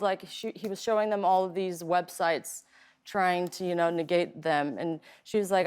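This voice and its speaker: A woman guest on a talk show, answering questions in a brisk, matter-of-fact way. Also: fairly low pitch, fairly even intonation, darkish tone, smooth. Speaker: guest passenger. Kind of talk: interview answers. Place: TV studio.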